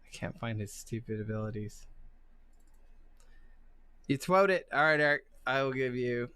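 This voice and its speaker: A woman's voice: a bass voice, lively intonation, moderate pace, fairly bright tone, smooth, dry recording. A woman running a live-streamed tabletop game as game master, chatty and playful. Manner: playful, chatty, laughs between lines.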